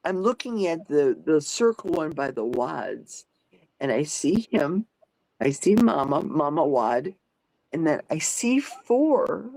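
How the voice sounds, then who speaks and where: A woman's voice: deep voice, sing-song, takes it slowly, creaky, dark tone, no room sound, low-quality recording. An older woman hosting a casual live chat, thinking aloud and reading out viewer comments. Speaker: livestream host.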